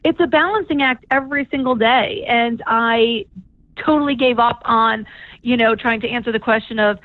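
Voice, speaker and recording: A woman guest chatting candidly in an interview, quick to laugh, heard over a phone call. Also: fairly high pitch, dry recording. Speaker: podcast guest. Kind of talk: casual interview chat. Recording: tinny phone line.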